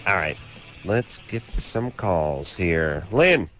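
A man's voice: low voice, lively intonation, takes it slowly, fairly bright tone, faint music behind. Sarcastic rambling man on radio. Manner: rambling, sarcastic, exaggerated rants with crude asides. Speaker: radio show co-host. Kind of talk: comedic storytelling on call-in radio. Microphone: studio microphone.

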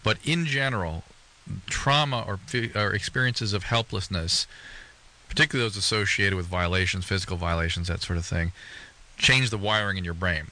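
A man co-hosting a radio call-in show, explaining things to a caller in a calm, explanatory way. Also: deep voice, normal speed. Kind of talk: radio call-in advice talk.

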